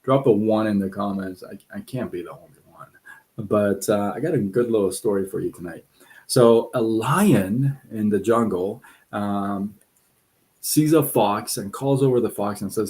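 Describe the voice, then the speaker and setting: A man's voice: fairly low pitch, unhurried. A man hosting a live stream, chatting casually with viewers and telling a story. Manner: relaxed, chatty, many fillers and restarts.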